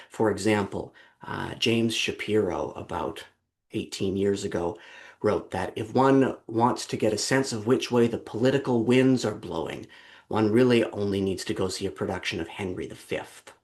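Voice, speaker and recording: Low gravelly man giving a lecture. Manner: storytelling, acting out quoted lines. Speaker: seminar presenter. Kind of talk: academic lecture. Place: online seminar from home or office. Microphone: video call.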